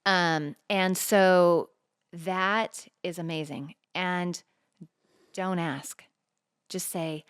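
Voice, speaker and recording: Her voice sits on the low side, clear and resonant, and she speaks extremely slowly. A middle-aged woman co-hosting a podcast, she tells a personal story earnestly and with animation, acting out quoted dialogue in a casual chat.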